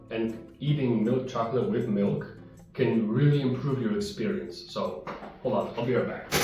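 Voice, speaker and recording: A man reviewing chocolate in a casual, rambling chat, sometimes talking while he chews. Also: medium pitch. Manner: chatty, rambling, talks while chewing. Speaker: vlogger tasting chocolate. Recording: very echoey room, mic far off, guitar music behind. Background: soft guitar music.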